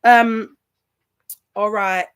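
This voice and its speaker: A woman's voice: medium pitch, fairly even intonation, very slow, smooth. A woman hosting a casual livestream, talking emphatically and repeating herself, tearful at times. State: tearful in places. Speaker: livestream host.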